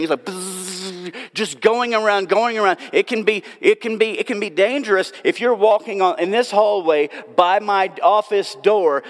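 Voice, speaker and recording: Self-mocking preacher in a reverberant church. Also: male voice, high-pitched. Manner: self-mocking storytelling, lively then hushed and drawn out. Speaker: pastor. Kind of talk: sermon. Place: church sanctuary. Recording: long hall reverb.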